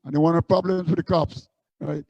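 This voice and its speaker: A man's voice: a little high, fairly even intonation, fast, mellow, husky, dry recording, muffled recording. A man from Guyana, a musician guest telling stories in an interview with many fillers and repeats. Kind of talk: interview storytelling.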